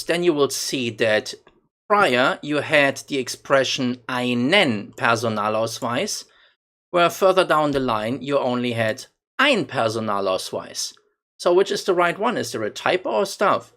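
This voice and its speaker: A man teaching phrases in a slow, deliberate instructional voice-over, repeating lines for learners. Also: medium pitch, sing-song, fairly bright tone. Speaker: language teacher.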